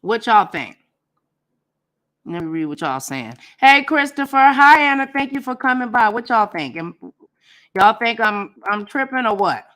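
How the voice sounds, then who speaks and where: A woman hosting a casual livestream, telling stories and commenting in a blunt, profane, animated way. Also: on the high side, measured pace. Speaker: livestream host.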